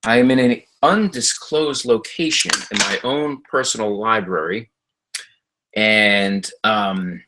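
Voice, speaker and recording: Speaking from his home library in a bright, forceful tone, a middle-aged host chats on his livestream and answers comments. His stories ramble and stall, full of fillers, and he jumps to a high pitch when imitating others.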